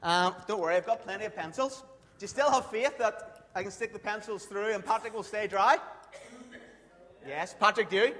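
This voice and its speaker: A man's voice: high voice, lively intonation, moderate pace, fairly bright tone. A man preaching a sermon, chatty and often checking in with "okay?". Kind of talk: sermon with a live demonstration. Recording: long hall reverb.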